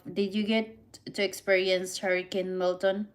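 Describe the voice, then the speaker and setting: A woman's voice: mid-range voice, normal speed, fairly bright tone. A woman streaming live, casually chatting with her viewers, asking them questions and answering back.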